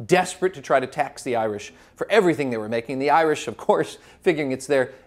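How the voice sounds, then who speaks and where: A man giving a lively classroom lecture as a spirits educator, telling history like a story with small restarts. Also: medium pitch, fast.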